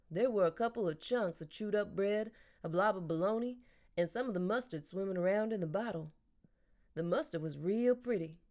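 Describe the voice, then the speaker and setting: A woman narrating a children's novel in an even, clear storytelling voice. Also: mid-range voice. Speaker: audiobook narrator. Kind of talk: audiobook reading.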